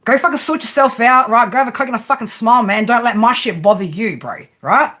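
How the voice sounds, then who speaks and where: A tarot and spiritual reader rants unscripted on her livestream in a fairly quick, high, pushed and bright voice. She's profane and combative, swearing freely and firing off rhetorical questions capped with a constant "right?".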